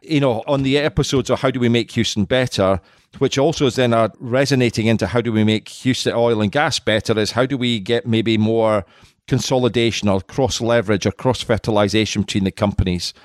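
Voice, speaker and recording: A man from Scotland co-hosts a podcast in a casual, joking way, swearing now and then. His voice is mid-pitched and recorded close and dry. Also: steady tone, fairly quick, no echo. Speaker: podcast co-host. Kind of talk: casual chat.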